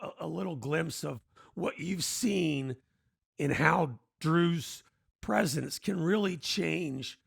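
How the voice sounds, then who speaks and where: A male podcast host whose voice is thick with gravel and fry. He asks long, halting questions full of restarts, and he is recorded dry and close. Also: a little high, no room sound. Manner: hesitant, halting phrasing with restarts. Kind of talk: interview questions.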